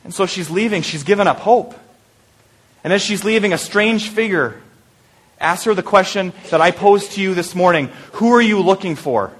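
A man preaching an Easter sermon, telling the story vividly and sometimes dropping to a hushed voice, with lighthearted asides. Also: high voice, moderate pace. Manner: storytelling, drops to a hushed voice for intimate moments. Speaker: pastor.

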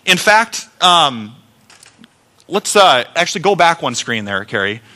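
A man's voice: on the high side, unhurried. A middle-aged male pastor preaching a sermon, telling stories with acted-out sounds and quoted replies. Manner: animated storytelling, acts out sounds and quoted replies.

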